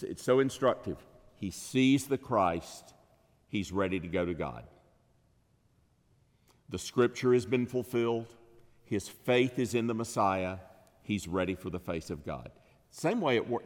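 A man delivers an expository sermon in an unhurried, deliberate way. His voice sits on the low side and lifts with emphasis on key phrases. The sound carries a long reverb, as in a large church sanctuary. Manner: measured, emphatic preaching that rises on key phrases. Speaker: preacher.

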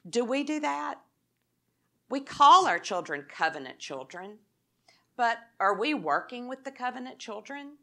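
A woman's voice: fairly high pitch, big pitch swings, unhurried, vocal fry, a bit bright. A woman giving an expository sermon, reading scripture aloud in an earnest tone and putting rhetorical questions to her listeners. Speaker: Bible teacher.

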